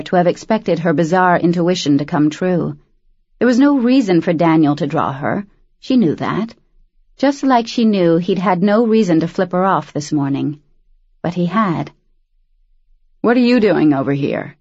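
A woman reads a novel aloud in a lowish, even voice, brisk and quietly tense. The recording is dry and slightly dull, with no room sound. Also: dry recording. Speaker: audiobook narrator. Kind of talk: scripted narration.

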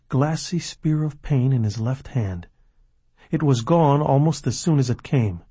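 A man reading a novel aloud as narrator, measured and dropping low and quiet at tense moments. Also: slightly rough, no echo. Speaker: audiobook narrator. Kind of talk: scripted narration.

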